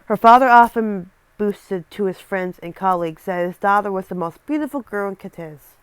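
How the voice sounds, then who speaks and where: A woman's voice: mid-range voice, moderate pace, clean tone, no echo. A young woman reading a scary story aloud and breaking off for casual, rambling asides, often stumbling over words.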